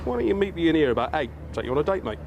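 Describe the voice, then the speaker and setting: A chirpy Cockney geezer voiced by a man, all slangy patter and cheeky charm, bouncing through a comedy sketch. His voice sits a little high and swings up and down a lot, with a faint hiss of noise behind it. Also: big pitch swings, racing. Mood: chatting up.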